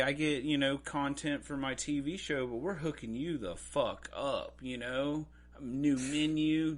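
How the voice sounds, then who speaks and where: A man co-hosting a casual podcast at a middle pitch. He rambles and swears, pausing and groping for words mid-sentence. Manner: rambling, profane, gropes for words. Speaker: podcast co-host. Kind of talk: casual chat.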